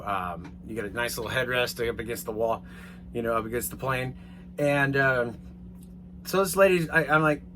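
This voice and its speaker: A man telling a rambling, casual story to his viewers, swearing now and then and getting animated as he retells it. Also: medium pitch, background noise. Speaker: vlogger.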